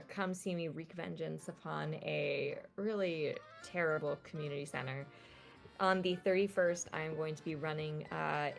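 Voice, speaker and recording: A woman's voice: low voice, creaky. A woman player giving a chatty, earnest sign-off about her streams and a charity drive, ending with a rallying call. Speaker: guest player. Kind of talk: casual sign-off plug.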